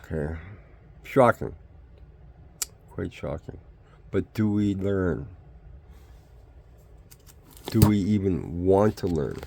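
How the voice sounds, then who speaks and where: A man's voice: sits low, lively intonation, slow, gravelly, pauses often, a little mellow, slight background noise. An older man, ranting in a rambling vlog monologue full of rhetorical questions. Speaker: vlogger.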